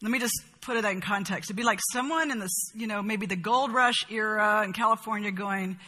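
Woman Bible study teacher, bright tone, breathy edge, long reverb, expressive emphatic delivery. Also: medium pitch, fairly quick. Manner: expressive, emphatic reading and explaining.

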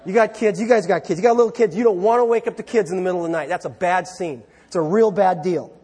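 Male pastor, fairly high and husky, chatty storytelling sermon with long church reverb. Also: fast, few pauses. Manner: conversational storytelling, animated with fillers and repeats.

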